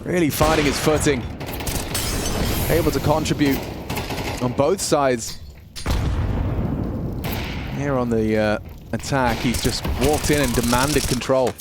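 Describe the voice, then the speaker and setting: A man calling a live esports match, energetic and quick to shout at big plays. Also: mid-range voice, heavy background noise. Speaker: esports play-by-play caster. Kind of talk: excited live game commentary. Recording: loud in-game gunfire behind. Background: loud gunfire and clicks from the match.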